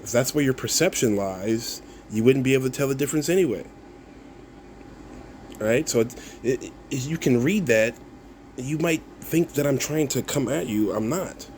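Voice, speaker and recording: A man's voice: mid-range voice, expressive, normal speed, a little mellow, a little hiss or hum. Mocking man ranting at online critics. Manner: mocking, laughs often, swears, repeats himself. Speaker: content creator replying to comments. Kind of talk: casual video rant.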